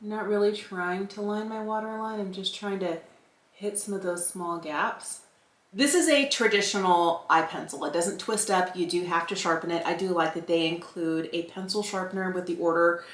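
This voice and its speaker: A woman in her fifties talks through a makeup review in a candid, chatty way, musing aloud as she goes. Her voice sits fairly low for a woman. The room gives it a noticeable echo. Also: normal speed, fairly bright tone. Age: 50s. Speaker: beauty vlogger. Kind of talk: casual product review while applying makeup. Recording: roomy echo.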